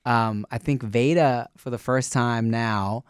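Chill dude on a podcast, mid-pitched voice, lots of uhs, slangy, dry close mic. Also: male voice, fairly even intonation, slow, clear, resonant tone, no room sound. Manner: laid-back, chatty, slangy with lots of fillers. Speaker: podcast co-host. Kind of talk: casual chat.

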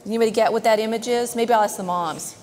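A woman reading a picture book aloud to children in a large church, lively, pausing to ask them questions. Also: on the high side. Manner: lively, asks questions, says "right?" often. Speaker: reader to children. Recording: long church reverb.

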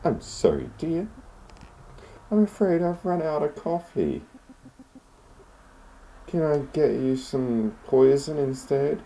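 A man voicing a timid, stammering old woman tenant, pitched high and quavering. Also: sing-song, slow pace, gravelly, long pauses, dark tone, exaggerated voice, low-quality recording. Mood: sweetly sinister.

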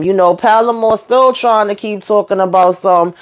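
A woman hosting her own TV show recap, talking in a sassy, animated way straight to her viewers. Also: medium pitch, moderate pace, few pauses. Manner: animated, sassy, talks to viewers as y'all and honey. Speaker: TV recap host. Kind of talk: casual recap chat.

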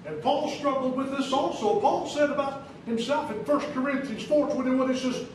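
A pastor preaching a sermon in a church, speaking emphatically with rising questions and sudden soft drops, with an American accent. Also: male voice, very high voice, sing-song, moderate pace, few pauses. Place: church sanctuary. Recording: echoey church recorded from a distance, noisy.

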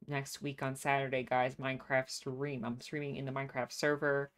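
A woman's voice: rumbling low, level tone, moderate pace. A woman streaming a life-sim game, chatting casually, reading chat aloud and laughing often.

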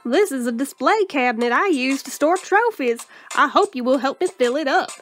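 A woman's voice: high voice, moderate pace, soft background music. A woman voicing a cheerful young woman who loves horses, reading the game's text in an eager, chirpy way.

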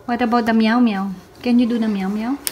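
A woman's voice: fairly high pitch, steady tone, a little fast, a little mellow, a little hiss or hum. Mother coaching a toddler, sing-song. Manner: sing-song, encouraging, repeats words for a baby. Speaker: mother teaching her toddler. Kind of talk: home video, coaching a toddler.

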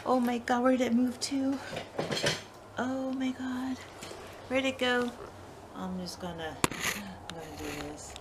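A woman filming a home vlog in a panicky, exclamatory way, repeating herself again and again. Her voice sits on the high side. The handheld recording carries clear background noise. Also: measured pace, long pauses. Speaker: vlogger. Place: home storage room. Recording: noisy home video.

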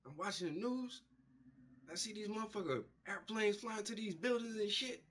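A man with a husky, breathy voice talks casually while he paints, swearing freely and slipping into the voices of people in his stories. His delivery is loose and animated, rising and falling as he gets worked up. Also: high-pitched, normal speed. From United States. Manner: profane, animated storytelling with acted-out quotes. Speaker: painter and show host. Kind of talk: casual storytelling monologue.

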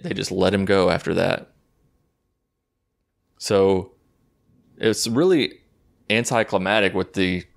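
A man's voice: sits low, gravelly, smooth. A man giving a casual, rambling and sarcastic recap of a movie, swearing freely as he goes. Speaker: YouTube movie reviewer.

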